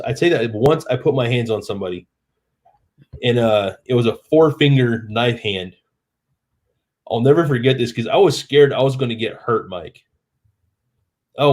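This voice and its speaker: A man hosting a live stream, telling a long, rambling story in a relaxed, self-deprecating way and acting out the lines of the people in it. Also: mid-range voice.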